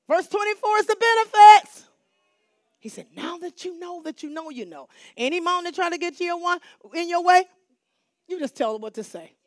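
A woman pastor preaches with a high, piercing voice, calling out to her congregation and repeating her points for emphasis. She drops to near-whispers, then climbs to full shouts. Her voice sounds close and dry. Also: no echo. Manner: call-and-response preaching, swinging from hushed to shouting; repetitive, emphatic phrasing. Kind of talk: sermon.

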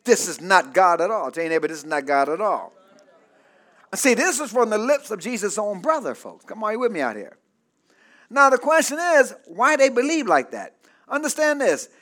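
A male pastor preaching a sermon, calling out to the congregation for responses and building up to shouted peaks. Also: high voice, big pitch swings, moderate pace.

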